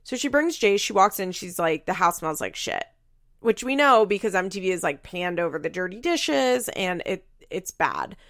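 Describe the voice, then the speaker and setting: A woman's voice: mid-range voice, animated, moderate pace, hardly any pauses, a bit bright, no echo, clean studio sound. A woman recapping a reality show in casual chat, blunt and profane, often laughing.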